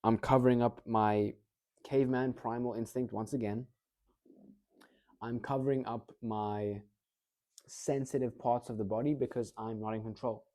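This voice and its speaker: A man coaching public speaking in a casual, energetic way, often checking in with the listener. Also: medium pitch, normal speed, pauses often. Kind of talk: casual instructional talk.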